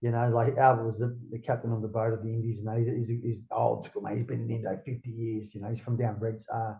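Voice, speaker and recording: Australian man, gravelly, rambling casual yarn, slightly dull audio, heavy on "mate" and swearing. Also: mid-range voice, flat delivery, fast. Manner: rambling, swears freely, says "mate" constantly. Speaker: guest. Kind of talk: casual interview chat.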